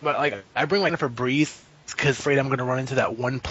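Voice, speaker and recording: A man telling profane stories as a podcast guest, casual and rambling, with animated impressions. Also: medium pitch, fast, husky. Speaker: podcast guest, fighting game player. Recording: muffled lo-fi podcast audio.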